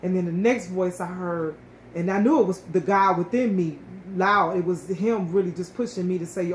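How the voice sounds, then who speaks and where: A woman speaks about her own life in a heartfelt, animated way, stumbling over and repeating words as feeling takes over. Her voice carries in a roomy, echoing space with a faint hiss of background noise. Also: on the low side, moderate pace. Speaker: co-host sharing her story. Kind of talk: casual personal storytelling. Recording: echoey room with faint ambient noise.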